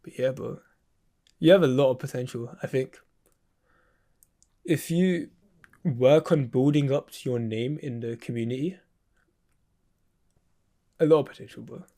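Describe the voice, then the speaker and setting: A man's voice: mid-range voice, measured pace, pauses often, mellow. A man mentoring in a casual chat, laid-back and slangy, calling the listener bro.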